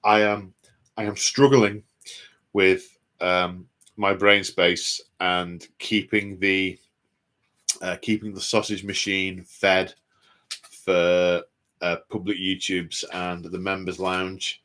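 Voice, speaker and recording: A man's voice: sits low, flat delivery, slow pace, bright, forceful tone. A man hosting a casual livestream, chatting in a rambling, hesitant way with many fillers and restarts. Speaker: host.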